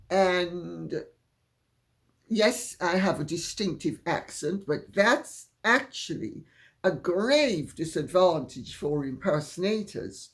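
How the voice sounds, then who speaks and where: Woman, upper Saint Andrew Jamaican accent, slow unhurried delivery, measured and deliberate, chatty host. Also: fairly low pitch. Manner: deliberate, measured, drawn-out phrasing with frequent laughs. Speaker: channel host answering viewer questions. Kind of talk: casual solo talk to camera.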